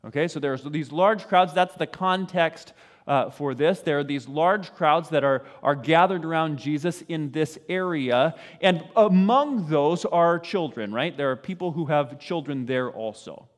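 A man's voice: a little high, a little slow, long reverb tail. A man giving a sermon in a conversational way, often asking "right?" and briefly acting out the voices of parents and children. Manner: conversational, frequent "right?" asides, acts out voices of parents and kids. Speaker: pastor.

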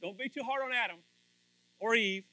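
A man's voice: very high voice, normal speed, pushed and bright, no room sound. A man preaching a sermon to his congregation in a playful way, speaking to people directly by name. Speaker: pastor. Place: church before a congregation.

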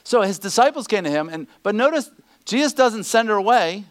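A man preaching a sermon, animated, acting out the people he quotes. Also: high voice, fairly quick. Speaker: pastor.

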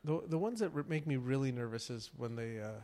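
Man, casual podcast co-host, rambling storyteller, average pitch. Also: animated, fast, dark tone. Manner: rambling storyteller, acts out phone callers. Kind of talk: casual chat.

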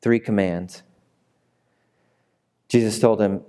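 A man's voice: medium pitch, lively intonation, measured pace, pauses often, mellow. A man preaching a sermon in a conversational way that builds to emphatic peaks. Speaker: pastor.

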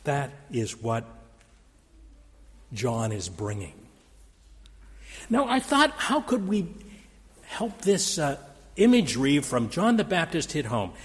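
A man's voice: on the high side, wildly swooping pitch, takes it slowly, long pauses, in a large hall. A man preaching a sermon, dramatic in delivery, quoting scripture with raised force. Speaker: pastor. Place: church sanctuary.

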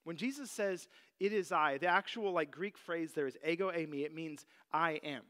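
A man teaching a Bible passage in a relaxed, conversational sermon, full of "like" and "you know". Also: on the high side, moderate pace, clear, resonant tone.

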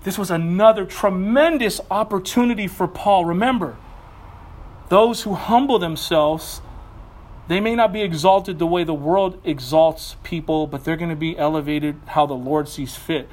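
A pastor delivering a sermon in a conversational, playful way, with asides and quick laughs. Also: male voice, high-pitched, a little mellow.

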